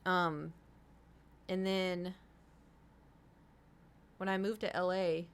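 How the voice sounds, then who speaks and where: A woman's voice: on the low side, little pitch movement, very slow, clean tone. A young woman streaming from home, chatting casually and rambling to her viewers, swearing now and then. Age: young adult.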